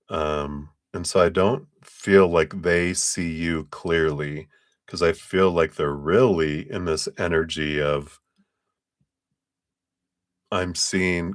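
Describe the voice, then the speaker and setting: A man with a very deep voice gives a casual live tarot reading at an easy, unhurried pace. He talks in loose, trailing phrases and laughs often. The sound is dry and close. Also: no room sound. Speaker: tarot reader on a live stream.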